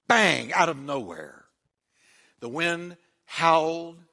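A male pastor preaches with a high, bright voice. His delivery is dramatic, swinging down to hushed tones and back up, and he calls on the congregation to repeat after him. The sound carries a long reverb from a large hall. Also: lively intonation, slow pace, creaky. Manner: dramatic preaching, dropping to a hush on quiet words; leads the congregation in call-and-response. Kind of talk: sermon.

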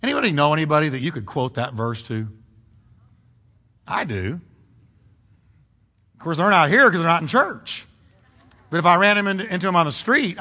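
Animated preaching man in a reverberant hall. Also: a little high, brisk, pauses often. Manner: animated preaching with rhetorical questions to the congregation. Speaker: pastor. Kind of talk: sermon. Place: church sanctuary.

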